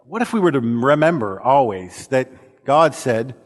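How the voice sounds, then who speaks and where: Guy preaching a sermon, earnest storyteller, trips and restarts a lot, mid-pitched voice, long church echo behind him. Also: expressive, unhurried. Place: church auditorium. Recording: long reverb of a church hall.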